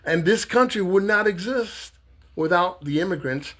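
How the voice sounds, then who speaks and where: A man's voice: high voice, animated, moderate pace. Fiery, profane American man ranting. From United States. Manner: heated, profane, swings from shouting to soft. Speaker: self-styled presidential candidate. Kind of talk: political rant vlog.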